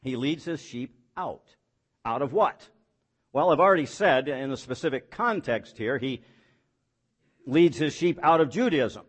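A man's voice: mid-range voice, animated, measured pace, slightly rough. A pastor preaching a sermon in a mid-range male voice. He builds to emphatic points with rhetorical questions and falls back to plain, folksy, self-deprecating asides.

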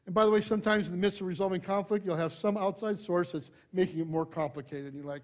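A man delivers a sermon in a fairly high voice. He leans hard into key phrases, then drops to quiet, confiding asides. His humor stays light and conversational. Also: fast talker, few pauses. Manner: expressive preaching, swings from loud emphasis to hushed asides. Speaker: pastor.

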